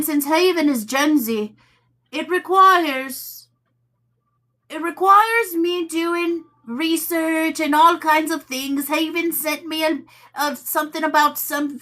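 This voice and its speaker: A woman host chatting casually to her viewers, telling a story with animated quotes and laughter. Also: sits high. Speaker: tarot channel host.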